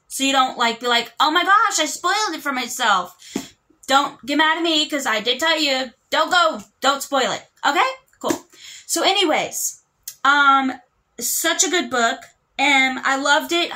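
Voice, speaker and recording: A woman's voice: sits high, sharp tone. A young woman chatting casually as a book vlogger, rambling with lots of fillers and restarts. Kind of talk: casual chat.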